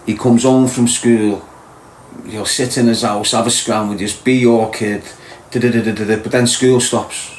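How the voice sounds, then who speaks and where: A man's voice: medium pitch, level tone, moderate pace, darkish tone. A Scouse man talks straight at his viewers, blunt and preachy, like a stern older brother laying down the law. His voice sits mid-range and carries through a roomy, echoey space. A faint hum of ambience sits underneath. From Liverpool, England. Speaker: podcast host. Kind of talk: live-stream monologue to viewers.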